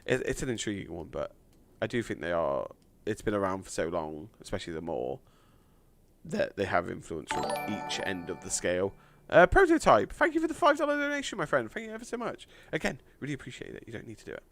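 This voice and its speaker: Chatty man streaming, slightly hoarse. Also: lowish voice, wildly swooping pitch, brisk, soft background music. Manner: chatty, filler-heavy, thanks donors warmly. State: hoarse, losing his voice. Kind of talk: live stream chat.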